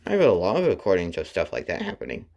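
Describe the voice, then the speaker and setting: Calm young boy, plain and unhurried, read by a man in his own lowish voice. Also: lo-fi sound, exaggerated voice.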